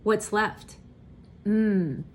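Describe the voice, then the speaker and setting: A woman reading tutor demonstrating a lesson, speaking in slow, encouraging teacher talk and stretching out sounds. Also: mid-range voice, darkish tone.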